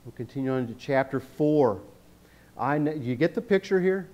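A man delivering a sermon in a church, mid-pitched and conversational. He reads scripture aloud, then breaks off to joke and check in with the congregation. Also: expressive, moderate pace, darkish tone. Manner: conversational, jokey, often checks in with "okay?". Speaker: guest preacher. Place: church sanctuary.

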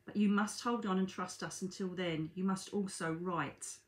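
A woman's voice: on the low side, steady tone, moderate pace, close to an everyday voice. A woman voicing the loving spirit of a dead father, speaking with earnest urgency while reading from her book in an echoey room.

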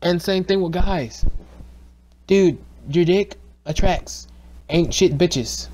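A young man recording a casual voiceover for his gaming channel. He rambles, swears constantly, restarts his sentences and gets excitable. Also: fairly high pitch, slow pace, a little hiss or hum.

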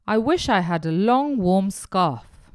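A woman's voice: medium pitch, lively intonation, slow pace, clean tone, no room sound, studio quality, voice pushed up. A woman voicing a sad, cold giraffe in a picture-book reading, wishful and plaintive. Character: sad cold female giraffe with a long neck.

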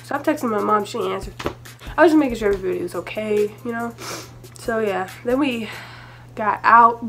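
A woman's voice: a little high, a little fast, a bit bright. A teenage girl telling a storytime vlog in a chatty, rambling way, full of asides and fillers. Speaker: vlogger.

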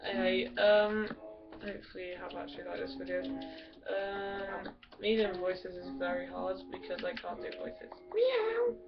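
A woman's voice: on the low side, level tone, moderate pace, gravelly. A woman rambling crudely and giggling through game commentary. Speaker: gamer. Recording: distant dull mic with music.

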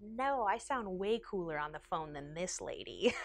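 A young woman telling a personal story in a casual vlog, animated and self-mocking, jumping up in pitch when she quotes other people. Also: unhurried. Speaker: YouTube storyteller.

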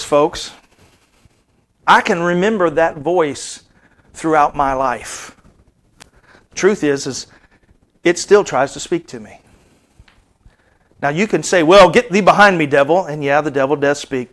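Preacher, man, 50s, high-pitched voice, sermon delivery with animated rises and hushed asides. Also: a little slow, pauses often. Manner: animated preaching, dropping to soft asides then rising high.

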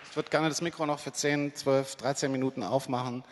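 A man, hosting an onstage interview in a soft-spoken, low-key way. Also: steady tone, a little fast. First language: German. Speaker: host. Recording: long conference-hall reverb.

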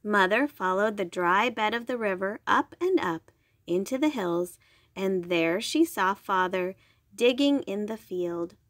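A woman reading a bedtime story aloud, slowly and gently. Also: medium pitch, animated, dry recording, clean studio sound. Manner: slow, gentle, clear.

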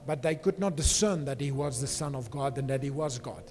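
A man's voice: a little high, a little fast, hardly any pauses, a little mellow. A pastor preaching a sermon with emphasis, often checking in with his congregation by asking "okay?". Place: church. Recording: reverberant church hall with faint music.

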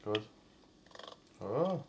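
A man's voice: fairly low pitch, sing-song, extremely slow, vocal fry, slight background noise. Sweary man grumbling through a game. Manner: sweary, exasperated banter. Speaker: gaming channel host. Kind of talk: casual gameplay chat.

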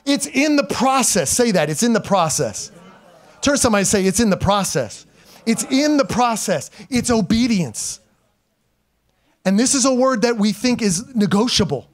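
Here a pastor, around forty-something, addresses his congregation in a church sanctuary at a moderate pace and a high pitch. Emphatic and lively, he alternates loud exhortations with soft-spoken storytelling and chuckles at his own expense.

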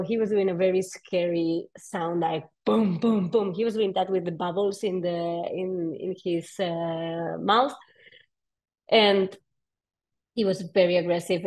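A woman underwater photographer telling dive stories in a lively, casual talk, laughing often. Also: mid-range voice, poor audio. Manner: animated, laughs often, playful quoted voices. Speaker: underwater photographer giving a presentation.

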